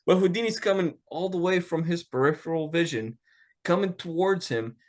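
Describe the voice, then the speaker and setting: A man hosts a podcast and tells a story in a loose, casual chat. He talks in an animated way, swears freely and acts out what other people said. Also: fairly high pitch, normal speed. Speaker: podcast host.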